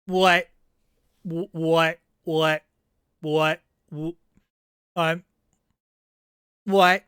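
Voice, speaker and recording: A woman's voice: medium pitch, expressive, takes it slowly, fairly bright tone, no echo, clean studio sound. A woman reacting in casual commentary to strange sodas, incredulous and swearing, often stammering in disbelief. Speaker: vlogger reacting to odd sodas.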